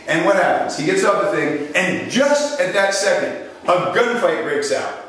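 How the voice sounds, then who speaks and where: A man whose voice is on the high side leads a live sales seminar at a moderate pace with few pauses. As a sales trainer, he tells animated stories, voices characters, and questions his listeners. He's recorded from afar in an echoey hall.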